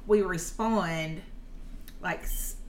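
A woman with a fairly low voice talks her way through a story in casual podcast chat. She rambles and restarts as she goes, and faint noise sits under her voice. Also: extremely slow, a little mellow. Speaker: podcast co-host. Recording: background noise.

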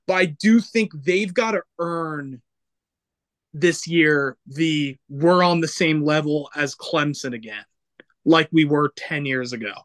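A man's voice: fairly high pitch, slow, a bit bright, no room sound. A young man co-hosting a podcast, chatting casually about football and often restarting his sentences while weighing a point. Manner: hesitant, restarts phrases, agreeable. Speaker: podcast co-host. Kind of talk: casual sports chat.

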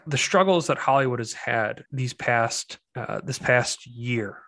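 A young man in casual podcast chat, talking in loose, rambling runs. He restarts often and drops dry, exasperated asides. His pitch sits in the middle range. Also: unhurried, fairly bright tone. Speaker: podcast co-host.

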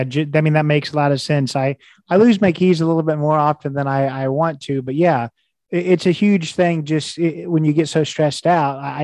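A man's voice: on the high side, a little mellow, no room sound. A man interviewing a guest, hesitant and often repeating words as he thinks aloud. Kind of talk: casual interview chat.

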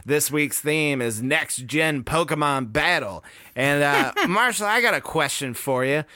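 A man's voice: a little high, lively intonation, a little slow, sharp tone, no echo, clean studio sound. A man co-hosting a casual comedy podcast, laughing often and swearing loosely. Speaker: podcast co-host.

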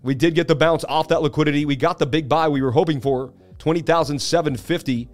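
A man hosting a live-streamed market analysis, talking in an animated, casual, hype-driven way. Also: on the high side, fast, faint music behind. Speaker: crypto market analyst host.

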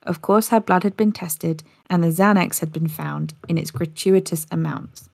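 Speaking at a moderate pace, a gravel-voiced woman narrates a tale in an easygoing podcast way, with the odd stumble and restart. Her voice is captured dry and up close, with no room around it.

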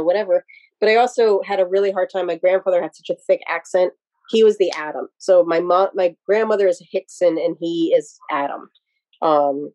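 Woman guest from Pennsylvania, lowish and warm, casual and rambling, dry close recording. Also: no room sound, low-quality recording. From Pennsylvania, USA. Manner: rambling, digressive, many restarts. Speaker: podcast guest. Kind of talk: casual interview storytelling.

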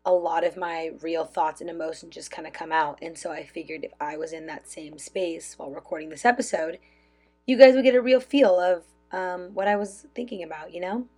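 A woman's voice: on the low side, a little fast, slightly rough. Bubbly young woman podcasting into a phone. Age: young adult. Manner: bubbly, loud, lots of "like" fillers. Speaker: podcast host. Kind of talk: casual chat, like a voice memo. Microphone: phone with clip-on lav mic.

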